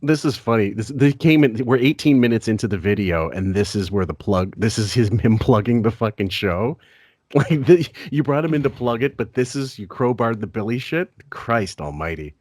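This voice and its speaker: Male co-host, sardonic, swears freely, lively pitch, dry close mic. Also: normal speed, no room sound. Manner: profane, laughs often, sarcastic. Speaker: podcast co-host. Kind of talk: casual podcast commentary.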